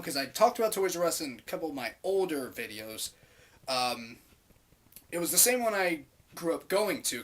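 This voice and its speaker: Casting note: young male vlogger, foul-mouthed storyteller, lively swooping pitch. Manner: profane, animated, acts out quoted voices loudly. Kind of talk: casual storytelling to camera.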